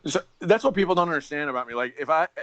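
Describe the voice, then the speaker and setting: Teasing man with a high, dry voice. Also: expressive, racing, fairly bright tone, dry recording, muffled recording. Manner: teasing, blunt, profane. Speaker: guest, radio host. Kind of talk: casual banter.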